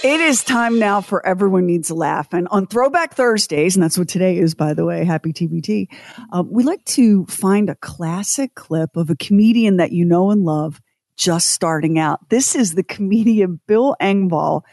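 A woman's voice: fairly low pitch, lively intonation, moderate pace, gravelly, darkish tone, no room sound, clean studio sound. A woman hosting a radio show, telling a story in an amused, chatty way. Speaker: radio host. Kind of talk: casual radio chat.

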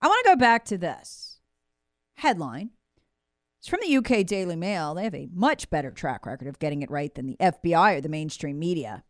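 A woman hosting opinionated political commentary, sarcastic and mocking, with sudden swings between loud jabs and low muttered asides. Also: big pitch swings, fairly quick, dry recording, studio quality. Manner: sarcastic, mocking impressions of officials.

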